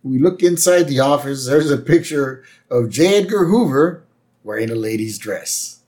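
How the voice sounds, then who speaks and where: A man co-hosting a casual podcast, narrating scenes calmly with everyday fillers. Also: medium pitch, moderate pace. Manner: relaxed storyteller, narrates scenes step by step with fillers. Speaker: podcast co-host. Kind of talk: casual chat recapping a TV episode.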